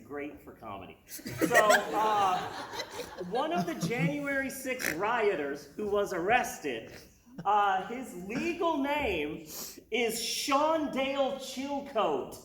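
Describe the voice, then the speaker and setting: A woman's voice: a little high, very animated, takes it slowly. A woman doing a stand-up comedy set on a stage, chuckling at her own jokes and restarting her sentences. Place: stage at a university drag show. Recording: echoey venue with background noise.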